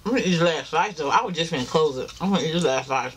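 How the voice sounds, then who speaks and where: A man's voice: fairly high pitch, expressive, racing, fairly bright tone, a little hiss or hum. A tired man, chatting casually to viewers while eating in a mukbang vlog. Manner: chatty, talks straight to viewers as y'all, chewing between lines. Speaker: mukbang vlogger.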